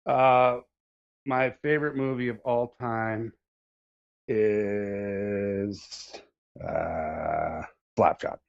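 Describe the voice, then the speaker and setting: A man's voice: fairly low pitch, animated, drawn-out words, vocal fry, clear, resonant tone, no echo. A man on a podcast who jokes crudely and loops back on his own words. His voice sounds dull and lo-fi, with a dry, close feel and no room around it. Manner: joking, crude, repeats himself. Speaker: podcast co-host. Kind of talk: crude casual banter.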